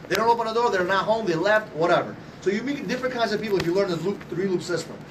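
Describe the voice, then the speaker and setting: Loud, fast-talking male sales trainer. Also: high-pitched, recorded from a distance, noisy background. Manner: loud, passionate, profane, rhetorical questions. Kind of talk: motivational sales talk to a group.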